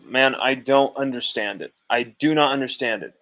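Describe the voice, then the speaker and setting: A male sports host on a live postgame stream, talking from home. His pitch is mid-range for a man. He argues heatedly, swears freely and repeats his points to drive them home. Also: normal speed, few pauses, sharp tone, poor audio.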